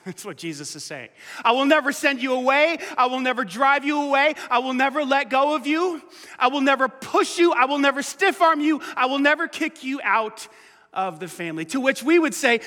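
A man preaching a sermon, swinging between hushed, drawn-out lines and loud, pleading passages. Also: very high-pitched, lively intonation. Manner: dynamic preaching, dropping to hushed lines and rising to loud pleas. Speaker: pastor. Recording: reverberant hall.

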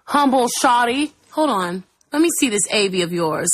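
A woman's voice: fairly high pitch, lively intonation, no room sound, low-quality recording. A woman delivering a profane, mocking roast in a social media video. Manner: crude, mocking, rapid-fire insults.

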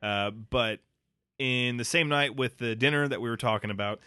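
A man's voice: mid-range voice, moderate pace, pushed and bright, clean tone, no echo, studio quality. A man co-hosting a casual movie podcast, blunt and swearing freely, laughing at his own jokes. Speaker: podcast co-host.

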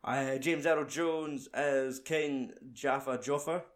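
A man's voice: mid-range voice, steady tone, slow. A young man hosting a casual, sweary chat about a film, reading out the cast list with his co-host. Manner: sweary, banter-filled. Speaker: podcast host.

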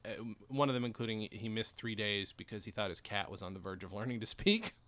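A man's voice: fairly low pitch, fast, fairly bright tone. A man co-hosting a podcast, chatting casually, laughing often and swearing as he retells scenes. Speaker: podcast co-host. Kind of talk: casual chat recapping a sitcom.

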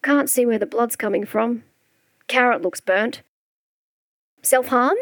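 A woman's voice: fairly high pitch, slow, fairly bright tone, no echo. A no-nonsense rescue worker played by a woman, short clipped phrases, dry close sound. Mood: brisk. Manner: clipped, matter-of-fact. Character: brisk, serious emergency worker.

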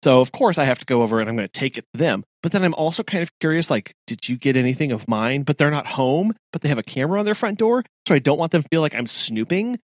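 A man co-hosting a podcast, chatting casually in an animated way with frequent laughs and restarts. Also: a little high, quick pace, few pauses, no echo, clean studio sound. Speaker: podcast co-host.

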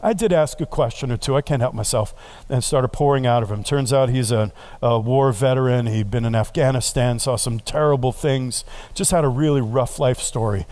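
A man's voice: mid-range voice, normal speed, darkish tone. Man preaching a conversational sermon. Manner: conversational storytelling with earnest, prayerful emphasis. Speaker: pastor.

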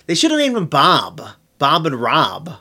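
A man's voice: a little high, huge pitch swings, a little slow, bright, forceful tone. A man co-hosting a podcast, talking in casual chat with sarcastic, profane, mock-outraged jabs. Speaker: podcast co-host.

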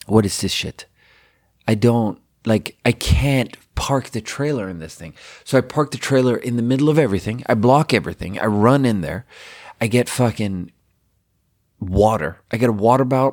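A man's voice: lowish voice, darkish tone. A man telling a long personal story in a casual, rambling way, swearing often and using lots of fillers. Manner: rambling and profane, heavy with fillers.

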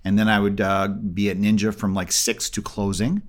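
A middle-aged comedy magician with a lowish voice tells a story at a moderate pace during a casual interview. He's animated, acting out the people he quotes.

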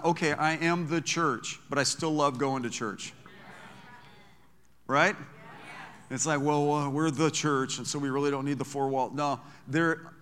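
Bright-voiced man preaching in a reverberant church. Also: fairly high pitch. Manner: impassioned preaching, swelling to loud emphatic peaks. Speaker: pastor. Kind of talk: sermon. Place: church sanctuary before a congregation. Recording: long hall reverb in a church.

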